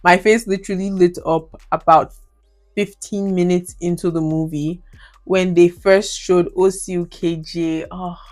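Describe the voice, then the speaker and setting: A woman's voice: fairly low pitch, fairly even intonation, measured pace, a little mellow, soft background music. A young Nigerian woman with a Nigerian accent, talking casually about movies as a video reviewer. She laughs often and slips into Nigerian Pidgin. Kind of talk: casual commentary on her old reviews.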